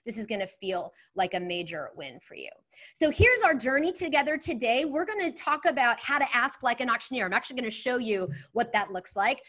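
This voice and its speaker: An energetic woman leads an online workshop over a video call, her voice sitting a little high. She often restarts her phrases and speaks straight to the group, replying to the chat as she goes. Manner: energetic, self-correcting, talks to a live chat. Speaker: workshop facilitator.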